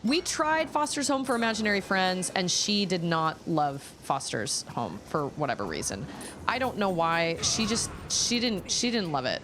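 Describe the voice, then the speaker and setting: A woman's voice: on the low side, very animated, normal speed, a bit bright, faint music behind. A woman in her thirties streaming a video game, chatting casually and rambling from one thought to the next. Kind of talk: casual chat while gaming.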